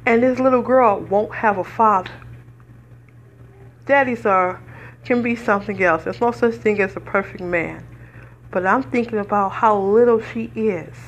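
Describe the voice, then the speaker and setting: A woman's voice: mid-range voice, a little slow, long pauses, dull audio. A woman hosting a podcast, speaking in earnest, preacherly commentary and fighting back tears. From United States. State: tearful. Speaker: podcast host. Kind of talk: emotional personal commentary.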